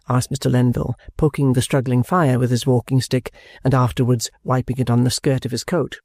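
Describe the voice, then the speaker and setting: A man narrating an audiobook, reading the narration tags quietly. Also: mid-range voice, steady tone, a little fast, gravelly, few pauses, dry recording, studio quality. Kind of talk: scripted narration.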